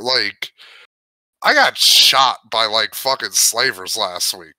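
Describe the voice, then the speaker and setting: A man's voice: mid-range voice, slow, pauses often, bright, forceful tone, no room sound, low-quality recording. A man co-hosting a comedy show, cracking blunt, profane jokes as commentary. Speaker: co-host.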